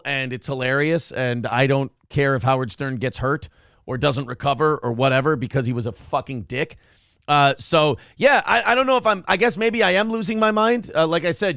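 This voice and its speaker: A male host of a casual talk show, loud and sardonic, whose shouting is his regular way of talking. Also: on the high side, gravelly, no room sound, studio quality.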